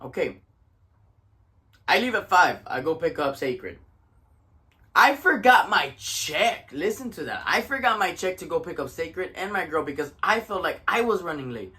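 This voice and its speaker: A young man tells a story to camera, worn out from little sleep. His voice sits somewhat high and comes across forceful and tense. His talk is casual and profane, and he moves between English and Spanish. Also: sing-song, normal speed. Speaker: vlogger telling a story.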